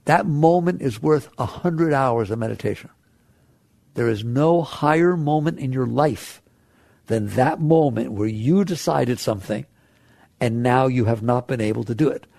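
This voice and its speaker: A man's voice: mid-range voice, a little slow, gravelly, a little mellow, no echo. A man giving a spiritual talk to an audience, conversational, laughing often and asking rhetorical questions. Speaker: spiritual teacher.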